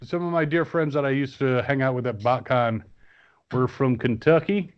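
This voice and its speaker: A man's voice: mid-range voice, moderate pace, clear, resonant tone, muffled recording. A man chatting casually as a guest on a podcast, rambling with many fillers and restarts. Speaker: guest toy reviewer.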